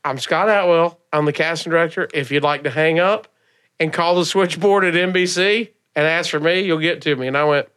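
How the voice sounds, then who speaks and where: A comedian from Alabama with a Southern accent tells stories on a podcast. His voice sits a little high for a man. He talks in a loose, lively way and laughs often as he acts out what others said. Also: a little fast, clean tone. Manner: animated, laughing through stories, acting out others' lines. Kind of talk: casual storytelling.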